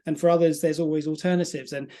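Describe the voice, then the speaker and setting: A man's voice: on the high side, steady tone, fast, dark tone. A man hosting a podcast interview, affirming his guest and thinking aloud as he frames questions. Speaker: podcast host. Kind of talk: conversational interview.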